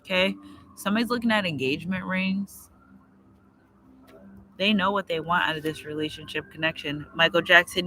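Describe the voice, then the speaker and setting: A man's voice: a little high, normal speed, pushed and bright, low-quality recording. A man doing a casual livestream tarot reading outdoors. He is chatty and repetitive, and he gets emotional as he talks. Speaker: tarot reader. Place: outdoors near trees and a road.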